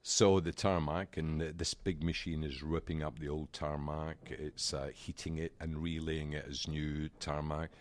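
Man, very deep voice, casual podcast chat, animated storyteller, acts out the voices. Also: a little slow, few pauses, dry recording. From United Kingdom. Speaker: podcast co-host. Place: small room at a desk.

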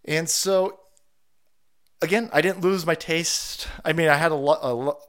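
A man's voice: on the high side, a little slow, fairly bright tone. A man hosting a casual livestream, congested from a cold and a bit winded, talking in a sarcastic, profane, rambling way. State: stuffy nose from a cold. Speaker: streamer host.

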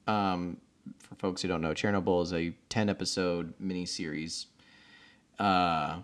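Low-voiced man in laid-back podcast chat. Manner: relaxed, rambling asides, laughs. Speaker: podcast co-host. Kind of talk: casual chat.

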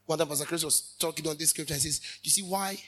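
A man preaching a sermon as a minister, fervent, with sudden loud rises and quick asides. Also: fairly high pitch.

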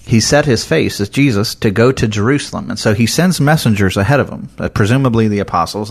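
A sincere male preacher with a fairly low voice gives a sermon in a conversational style. He emphasizes points with animation and keeps slipping casual fillers in while working through scripture.

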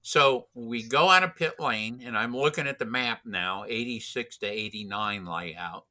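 A man's voice: medium pitch, a little slow, pushed and bright. A man casually telling a racing story, rambling with many restarts and fillers. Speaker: racing driver instructor.

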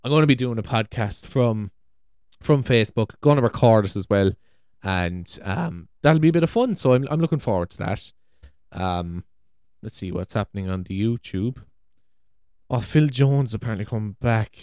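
Man, rambling vlog, cursing, exclaiming, lower-pitched voice, dry close sound. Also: lively intonation, moderate pace, darkish tone, clean tone, no echo. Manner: swearing, exclaiming, trailing off. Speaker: vlogger. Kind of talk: rambling casual monologue. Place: big room at home. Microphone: USB desk microphone.

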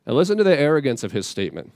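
Male preacher, mid pitch, easygoing and plainspoken, dry read. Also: racing, no echo. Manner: casual, plainspoken, animated asides. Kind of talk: conversational Bible teaching.

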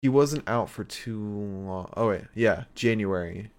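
A man with a fairly low voice talks loosely through a podcast recap. He pauses, hedges with fillers and keeps a relaxed conversational pace. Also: clear, resonant tone. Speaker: podcast co-host. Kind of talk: casual chat recapping wrestling.

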